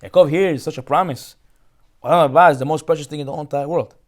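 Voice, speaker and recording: A man teaching a Torah class as a rabbi, retelling a story in an animated way with many restarts. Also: fairly high pitch, rapid-fire.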